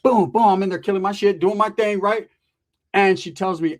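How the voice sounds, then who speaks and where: A man's voice: high-pitched, moderate pace. A man telling a comedic storytime monologue, profane and slangy, acting out the people in it. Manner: profane, slangy and animated, acting out quoted voices.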